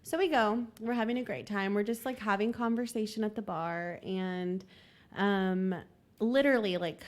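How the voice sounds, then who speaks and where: A woman's voice: medium pitch, moderate pace. A woman guest on a podcast, telling a story in a chatty way full of fillers. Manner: chatty, lots of likes and ums. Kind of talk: casual storytelling chat.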